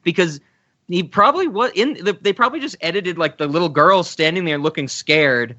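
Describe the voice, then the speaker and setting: A man's voice: high-pitched, animated, brisk, bright, forceful tone, highs cut off. A man co-hosting a film podcast in casual chat, laughing often and rambling through asides. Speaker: podcast co-host.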